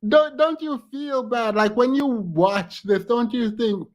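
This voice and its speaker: A woman's voice: a little high, takes it slowly, a little mellow. Outspoken woman in casual reaction commentary. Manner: outspoken, laughs often between remarks.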